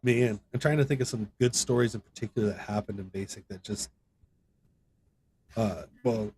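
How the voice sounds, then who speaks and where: A man's voice: fairly low pitch, normal speed, a little mellow, breathy edge. A man guest on a podcast, telling a personal story in a rambling, conversational way, full of fillers and restarts. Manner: voice rises sharply when reenacting others. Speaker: podcast guest, gaming content creator. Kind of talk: casual storytelling.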